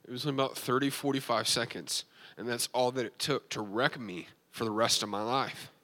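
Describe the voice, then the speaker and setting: A man's voice: medium pitch, fairly even intonation, normal speed, bright, forceful tone. A man giving a sermon as a pastor, telling an emotional personal testimony with frequent restarts and fillers.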